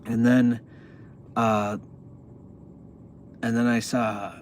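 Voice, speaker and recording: A man's voice: fairly low pitch, flat delivery, slow pace, long pauses, a little hiss or hum. A young man casually telling a long, profane, rambling story with many restarts, as a podcast host.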